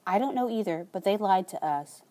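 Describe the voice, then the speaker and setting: A woman voicing a weary, gentle father who speaks softly and sadly in an audiobook. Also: mid-range voice, expressive, fairly quick, lightly acted. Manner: soft, sad.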